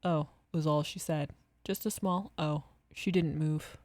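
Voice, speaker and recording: Woman calmly narrating a horror story. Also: sits low, unhurried, dry recording.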